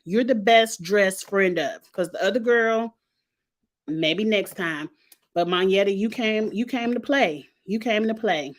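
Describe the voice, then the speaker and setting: A woman's voice: medium pitch, a little slow. Sassy woman in her forties vlogging. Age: 40s. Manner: sassy, candid, playfully shady. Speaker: vlogger reviewing reality TV fashion. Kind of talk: casual commentary vlog.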